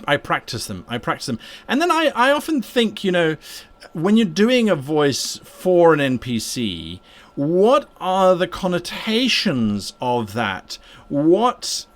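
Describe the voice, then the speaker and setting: A man hosting a live stream and answering viewer questions about game mastering, talking casually and rambling with restarts and repeated words while he paints. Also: fairly high pitch. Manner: talks while painting miniatures.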